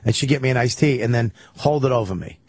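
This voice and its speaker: A man's voice: mid-range voice, fast, slightly rough, dry recording. A man telling crude comic stories in radio banter, acting out quotes with profanity. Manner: profane, animated storytelling with acted-out quotes. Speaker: comedian guest.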